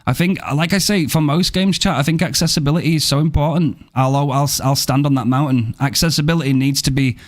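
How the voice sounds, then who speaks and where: A man's voice: on the high side, steady tone, brisk, hardly any pauses. A British man streaming a game live, chatting casually with his viewers in a laid-back way, often saying "man" and "bro".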